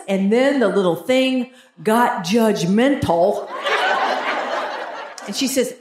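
A woman's voice: on the high side, moderate pace. Southern woman doing stand-up in a theater. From Georgia, US. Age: 50s. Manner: animated storytelling, self-mocking. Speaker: stand-up comedian. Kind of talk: stand-up comedy. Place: theater stage before a live audience. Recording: echoey theater with audience noise.

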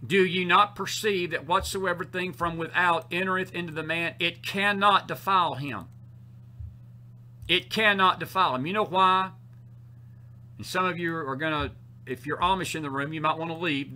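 A man's voice: a little high, bright, forceful tone. A man with a Southern US accent preaching a sermon, emphatic and fond of repeating his key phrases, with sarcastic asides to the congregation.

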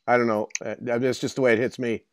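A man's voice: medium pitch, flat delivery, racing, slight background noise. Easygoing male co-host. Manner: easygoing, joking, chimes in with questions. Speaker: show co-host. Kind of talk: casual chat and announcements.

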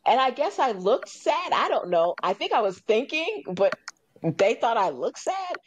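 A woman's voice: fairly high pitch, normal speed. A woman hosting a radio talk show in a casual chat. She tells stories with energy, acts out other people's lines, and repeats her key points for emphasis. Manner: animated storyteller acting out others' lines.

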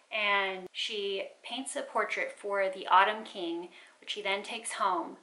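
A woman talks through her reading picks in a casual vlog. Her voice is bright and forward, at an ordinary pitch for a woman. She's enthusiastic and chatty, and now and then stops to fix a slip mid-sentence. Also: low-quality recording. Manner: chatty, enthusiastic, self-correcting. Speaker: book vlogger. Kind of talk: casual chat.

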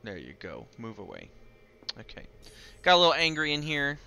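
An excitable man talks through the game he is playing. His voice is bright and fairly high, swinging lively up and down, and there is a faint hiss of noise behind him. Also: normal speed, vocal fry. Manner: excitable, jumpy, shouts and cries out when startled. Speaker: gaming video host. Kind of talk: let's play commentary.

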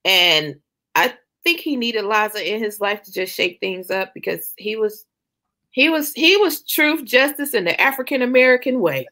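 A woman's voice: a little high, expressive, normal speed, bright, forceful tone. A woman author who is a guest in a casual interview, candid and humorous.

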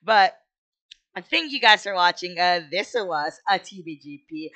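Excitable bright-voiced game commentator. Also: mid-range voice, unhurried. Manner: excitable, bursts into squealing shouts; goofy mild exclamations. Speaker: let's play host. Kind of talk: casual gameplay commentary.

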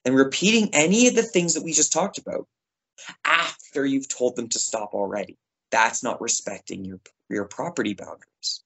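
A man teaching children in a chatty, lively way, acting out short example phrases as he explains. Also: medium pitch, normal speed, vocal fry, breathy edge, rough recording. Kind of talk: classroom lesson for kids.

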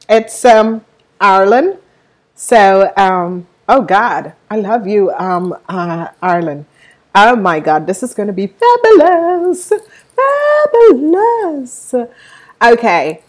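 A woman with a somewhat low voice talks slowly through an unboxing. She gushes over each detail and rambles off into personal tangents, filling pauses with ums. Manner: gushing, rambling, with many fillers. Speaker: tarot deck reviewer. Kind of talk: unboxing review vlog.

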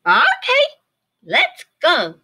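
A woman voicing a young male bird in a read-aloud picture book, loud and excitable. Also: very high voice, drawn-out words, vocal fry, background noise, voice pushed up, heavily acted. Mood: eager.

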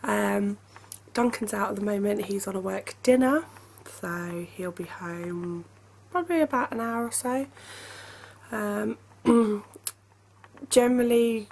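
A woman's voice: mid-range voice, gravelly, a little mellow. A young woman in casual vlog chat at home, chatty and apologetic, laughing often, speaking through a headache. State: has a headache. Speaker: family vlogger. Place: home, indoors.

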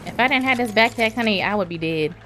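A woman commentating her own game, calling out to Jesus and repeating herself when under fire. Her voice sits a little high and leaps all over the place. Game music plays clearly underneath. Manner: excitable, exclaims to the Lord and Jesus, repeats words fast. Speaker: gaming channel host. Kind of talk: live gameplay commentary.

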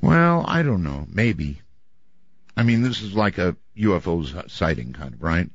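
A man hosting a call-in radio show, brisk and moving callers along. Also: low voice, very animated, dry recording. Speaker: radio talk show host. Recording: dull lo-fi stream audio.

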